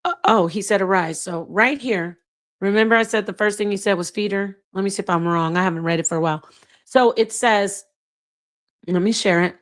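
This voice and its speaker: Middle-aged woman host, blunt and sassy, reads chat with animated outbursts. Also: medium pitch, a little fast. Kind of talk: livestream commentary reading chat.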